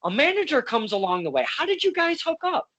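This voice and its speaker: A man with a high, bright, forceful voice hosts a casual interview over a video call. He talks excitably and stumbles, repeating his first words before he gets going. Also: brisk. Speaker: interviewer, podcast host.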